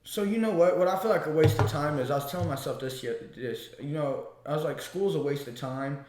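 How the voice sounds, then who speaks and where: A young man from Missouri, an amateur kickboxer guesting on a podcast, has a slightly high voice and talks a little fast. He rambles through animated stories in casual chat, cursing and restarting frequently. The recording is reverberant.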